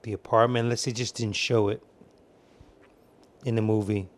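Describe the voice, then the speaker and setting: A man's voice: fairly low pitch, little pitch movement, normal speed. A man giving casual film commentary, telling rambling, profane stories.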